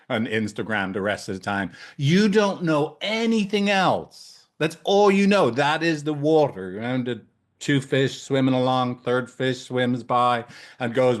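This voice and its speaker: A man in his thirties, a couples therapist, giving a casual training talk, animated, swearing freely and tagging lines with "right?". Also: medium pitch, unhurried.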